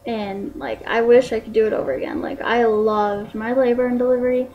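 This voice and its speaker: A woman's voice: fairly high pitch, little pitch movement, brisk, dull audio, slight background noise. A young woman vlogging casually to camera, rambling with many fillers like "like" and "um". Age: young adult.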